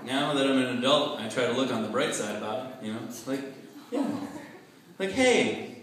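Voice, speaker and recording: A man doing a stand-up comedy set, deadpan with laughing asides, on a club stage. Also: mid-range voice, normal speed, a little hiss or hum. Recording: echoey club with crowd laughter. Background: audience laughing.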